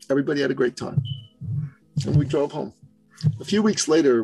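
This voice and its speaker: Gravelly-voiced man telling a story. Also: medium pitch, poor audio. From Canada. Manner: animated storyteller, acts out quoted voices. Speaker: business coach guest. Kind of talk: storytelling interview.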